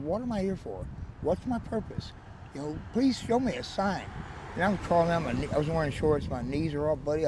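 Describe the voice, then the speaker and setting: Man with a West Texas drawl. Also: fairly high pitch. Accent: West Texas Southern drawl. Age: 40s. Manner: rambling, joking storyteller who laughs often. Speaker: interviewee. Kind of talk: casual street interview. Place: outdoors by a street. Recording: outdoor street noise.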